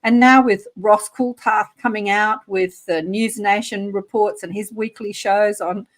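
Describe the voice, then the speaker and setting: A woman's voice: medium pitch, fairly even intonation, a little slow. An Australian woman speaks as a podcast guest in casual conversation. Her voice sits in a middle range, and she talks in a bubbly, enthusiastic way. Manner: bubbly, chatty, laughs often. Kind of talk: casual chat.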